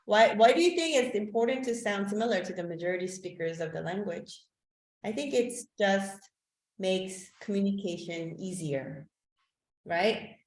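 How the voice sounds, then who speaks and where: A woman's voice: mid-range voice, animated, moderate pace. A woman teacher whose first language is Korean, talking through a webinar over a call mic. Her voice sits in the middle range, and she talks in a casual, meandering way full of "like" and "um". The sound bounces around a reverberant room. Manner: chatty, loose delivery with frequent "like" and "um". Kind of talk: online teacher-training talk. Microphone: video call microphone. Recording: echoey room.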